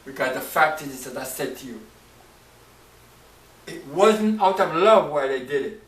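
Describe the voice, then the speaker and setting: Expressive male preacher in a roomy hall. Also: on the high side, measured pace. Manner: expressive storytelling, acts out emotions. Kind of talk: sermon. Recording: roomy, distant mic, faint hiss.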